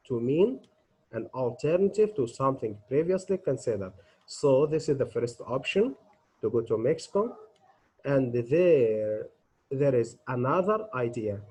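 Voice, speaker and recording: A middle-aged man teaches English grammar with a husky, slightly breathy voice. He poses questions to his students and then answers them himself, walking patiently through each rule. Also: mid-range voice, dark tone, low-quality recording. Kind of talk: grammar lesson.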